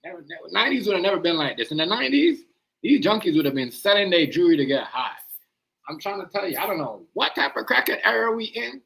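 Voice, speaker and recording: A man's voice: high voice, big pitch swings, fast, vocal fry, fairly bright tone, low-quality recording. A man hosting a live stream, rambling in casual slang and often asking "you know what I mean".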